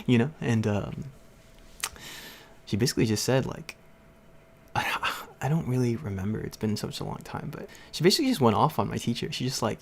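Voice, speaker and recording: A man's voice: on the low side, expressive, fairly quick, gravelly, a little mellow, breathy edge. A young man hosting a livestream, casually telling a story to his chat with lots of fillers and frequent laughs. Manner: rambling, laughs often, many fillers. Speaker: livestream host.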